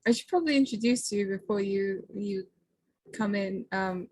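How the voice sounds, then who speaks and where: A woman's voice: mid-range voice, normal speed, darkish tone, close to an everyday voice. A woman playing a chirpy, polite young vampire woman in her own everyday voice. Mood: friendly.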